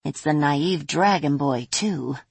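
A woman voicing a weary, sighing tiny female fairy with a flat, dry manner. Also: deep voice, slow, gravelly, breathy edge, no echo, heavily acted.

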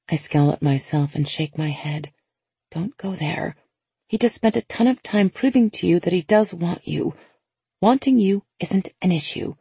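A woman narrating a first-person novel in a lively, conversational inner-monologue manner. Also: on the low side, moderate pace, husky, no room sound. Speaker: audiobook narrator.

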